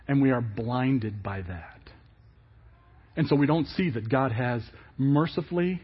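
A male pastor preaching a sermon in an animated way, asking many rhetorical questions. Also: mid-range voice, slightly rough, highs cut off.

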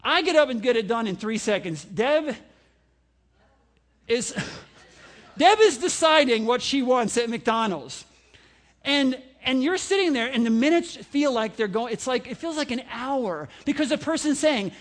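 A man's voice: very high voice, lively intonation, measured pace. A middle-aged man, a pastor, telling a humorous sermon story with laughter and mimicked voices.

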